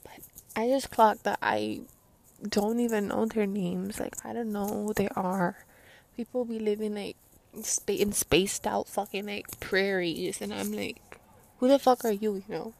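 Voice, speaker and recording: A woman's voice: mid-range voice, measured pace, gravelly. A young woman with a runny nose, rambling casually with a lot of slang, swearing and filler words. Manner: profane, slangy, full of fillers. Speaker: vlogger.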